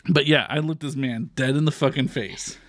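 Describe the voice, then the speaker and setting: A man's voice: medium pitch, normal speed, vocal fry, dry recording. A man from Texas co-hosting a podcast, telling a story in casual chat, swearing freely and acting out quoted voices. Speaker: podcast co-host.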